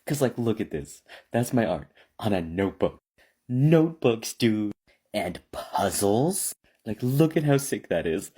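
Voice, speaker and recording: Casting note: husky-voiced man, gushing, emotional artisan vlogger who swears freely while chatting straight to his followers. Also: lowish voice, animated, normal speed, dark tone. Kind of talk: casual selfie-video talk.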